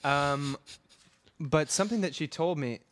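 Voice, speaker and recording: A man co-hosting a casual podcast chat, candid and quick to laugh, often trailing off mid-thought. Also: a little high, a bit bright, dry recording. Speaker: podcast co-host.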